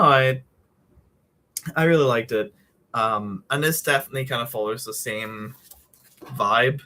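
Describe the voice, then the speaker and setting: A man's voice: medium pitch, bright, forceful tone. A young man streaming from home at night, chatting casually and meandering with lots of fillers and casual swearing while he draws a comic. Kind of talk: casual rambling chat while drawing.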